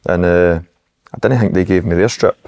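A man's voice: low voice, normal speed, gravelly, a little mellow. A man with a Scottish accent, a former footballer telling rambling stories as a podcast guest. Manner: rambling, anecdotal storytelling. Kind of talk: casual podcast chat.

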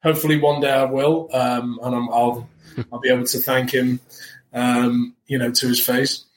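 A chatty man talks at an easy middle pitch, lively and full of restarts. His voice carries a noticeable room echo around it, as if he were recorded in an open space. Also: moderate pace, a little hiss or hum. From north of England. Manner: animated, chatty, restarts often. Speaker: actor guest. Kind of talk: casual interview talk. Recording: roomy echo.

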